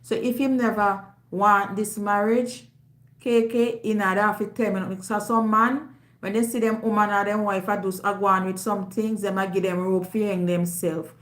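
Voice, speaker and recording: A Jamaican woman hosting a live stream, talking in a loud, emphatic, forthright way. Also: medium pitch, fairly even intonation, normal speed. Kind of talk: casual live-stream chat. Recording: roomy echo.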